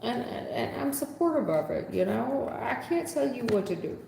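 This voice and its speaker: A woman's voice: on the high side, very animated, normal speed, vocal fry, noisy background. Sarcastic woman reading tarot, echoey room. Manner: sarcastic, scolding, folksy. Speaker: tarot reader. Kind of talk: live-stream tarot reading. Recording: echoey room with long reverb.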